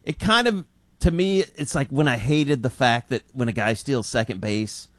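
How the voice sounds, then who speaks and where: A man's voice: mid-range voice, moderate pace, no room sound. A man from Scotland co-hosting a studio chat, rambling and thinking aloud with many fillers.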